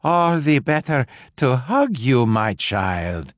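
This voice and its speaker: A man voicing a sly, hungry male wolf who talks slowly and coaxingly. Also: sing-song, no room sound, studio quality. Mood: falsetto disguise. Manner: slow, low and coaxing.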